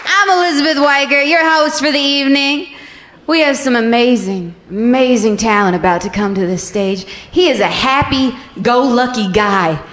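High-voiced woman emceeing a comedy show. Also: normal speed, fairly bright tone. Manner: hyped, teasing crowd work. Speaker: show host introducing the comic. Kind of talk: emcee introduction. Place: comedy club stage. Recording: reverberant club hall with audience noise.

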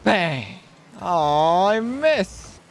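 Excitable young man streaming a game. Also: high voice, drawn-out words, vocal fry, slight background noise. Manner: excitable, shouts and squeals at big plays; joking, trash-talking banter. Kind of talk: live gaming commentary.

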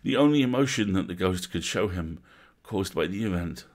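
A man reading a classic story aloud at a measured, atmospheric pace, as a bedtime story. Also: low voice, expressive.

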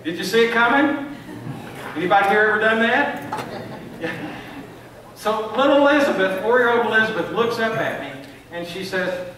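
A man's voice: high-pitched, lively intonation, normal speed, pauses often, pushed and bright, slight background noise. An older man preaching a sermon in a church, telling stories and often repeating words as he builds a point. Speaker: pastor. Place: church sanctuary. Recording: echoey church from far off.

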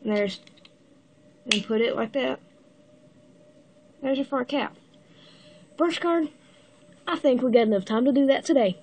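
A woman with the hiccups giving a casual step-by-step building tutorial, halting and pausing mid-step to show the pieces. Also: sits high, expressive, darkish tone, a little hiss or hum. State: has the hiccups. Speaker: toy builder giving instructions.

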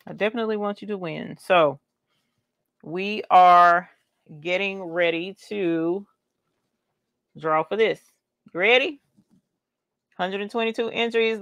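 A woman's voice: lowish voice, gravelly, no echo. A woman, chatting playfully as a craft livestream host. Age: 40s. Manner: playful, chatty, exclaims "yas, honey". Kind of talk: casual livestream giveaway chat.

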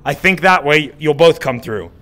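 A male streamer narrating his gameplay in casual, profane chatter. His voice runs a little higher than most men's and swings widely in pitch as he gets worked up and talks back to the game. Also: expressive, normal speed, sharp tone.

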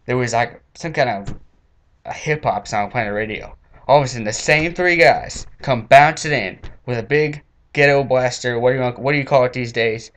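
An irritated man rants in a comic monologue, swearing freely. His voice keeps leaping up into loud, strained yelling. Then it drops back to a grumbling mid-range. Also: mid-range voice, moderate pace. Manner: angry, profane, bursts into shouting. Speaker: comedic ranter. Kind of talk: comedic rant monologue.

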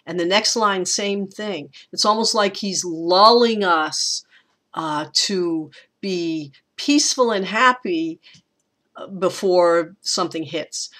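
A woman teacher giving a recorded lecture, talking in a thoughtful, unhurried way with frequent pauses and restarts. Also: medium pitch, fairly bright tone.

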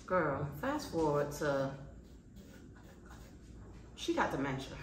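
A woman's voice: low-pitched, slow pace, reverberant, low-quality recording. A woman vlogger telling a story in casual, slangy chat, acting out what people said and swearing freely. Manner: animated, acts out quotes, slangy and swears casually.

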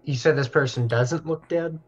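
A man playing a tabletop game, talking hesitantly and filling pauses with "like" and "um". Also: on the high side, husky, dull audio. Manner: hesitant, full of "like" and "um". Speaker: player. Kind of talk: casual tabletop game play.

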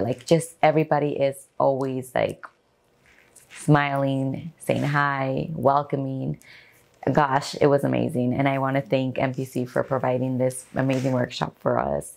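A woman vlogger with a strikingly deep voice for a woman, speaking straight to her viewers. She gushes with enthusiasm in a casual recap tone. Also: vocal fry. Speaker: vlogger and bikini competitor.

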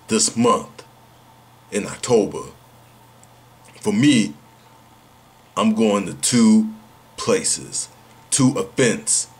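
A man vlogging to his viewers in a brash, slangy way, asking himself rhetorical questions and then answering them. His voice sits low and sounds a little husky. He takes his time and drawls each line out slowly. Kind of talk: casual vlog announcement.

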